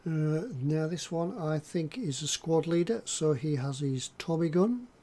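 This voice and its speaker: An older man chats through a casual live stream, reading viewer comments aloud. He rambles, stalls on words and restarts his thoughts often. His voice sits a little higher than most men's. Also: measured pace, mellow. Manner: rambling, hesitant, lots of ums and restarts.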